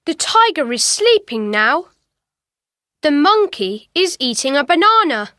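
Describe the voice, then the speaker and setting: High, bright woman reading for kids. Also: no echo, clean studio sound. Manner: slow, clear, expressive reading for children. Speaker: textbook audio reader. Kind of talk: scripted lesson reading.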